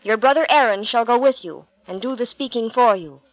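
A woman voicing God as a mighty, solemn male figure in a storybook reading, speaking slowly and with command. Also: a little high, no room sound, close to an everyday voice, rough recording.

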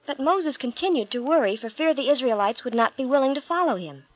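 A woman reading a Bible story aloud, calm and clear in her storytelling. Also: high voice, fast, hardly any pauses, no echo, poor audio.

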